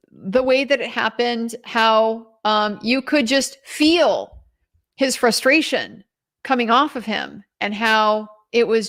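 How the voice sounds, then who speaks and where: A woman trial commentator recounts courtroom events in a casual spoken recap. Her voice sits a bit high. She retells each moment earnestly and with emphasis. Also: a bit bright.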